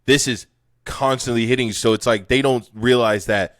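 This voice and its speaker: A man's voice: medium pitch, steady tone, normal speed, a bit bright, dry recording, studio quality. A man co-hosting a podcast, chiming in with short reactions and supportive comments in casual chat. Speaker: podcast co-host.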